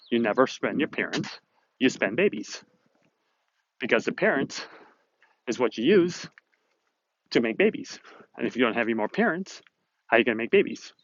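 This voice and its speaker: A man's voice: medium pitch, fairly bright tone, dry recording, highs cut off. A man hosting a motivational video series, talking to the camera in a chatty, upbeat way and rambling a little as he retells a conversation. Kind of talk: casual talking-to-camera monologue. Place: Southern California.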